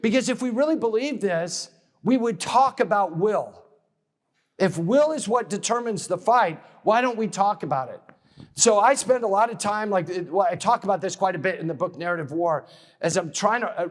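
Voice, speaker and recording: A man's voice: high-pitched, animated, moderate pace. A man lecturing at a conference in a conversational way, often checking in with "okay?" and restarting phrases as he builds a point. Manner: restarts and repeats words while building a point. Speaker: military studies lecturer and author.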